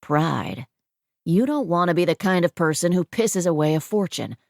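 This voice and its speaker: A woman narrator puts on a wealthy, self-assured man who teases with dry, needling banter. The voice sits somewhat low. The sound is close and dry. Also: expressive, normal speed, gravelly, darkish tone, no echo. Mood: teasing. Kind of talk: audiobook character voice.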